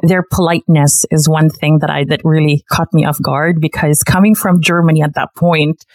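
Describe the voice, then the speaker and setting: A woman guest chatting casually in an interview, lively and quick to laugh, slipping between English and Tagalog phrases. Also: sits low, no room sound. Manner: animated, laughs often, mixes in Tagalog.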